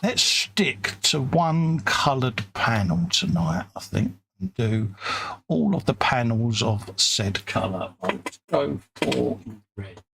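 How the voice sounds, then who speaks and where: A man's voice: mid-range voice, very animated, takes it slowly, vocal fry, a bit bright, a little hiss or hum, low-quality recording. A man co-hosting a live stream, chatting in an easygoing, self-mocking way while painting models.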